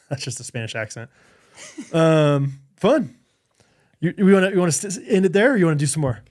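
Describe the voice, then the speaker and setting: Giggly podcast co-host, lively voice. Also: male voice, fairly high pitch, normal speed. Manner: giggly, hesitant, lots of ums. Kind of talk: casual quiz banter.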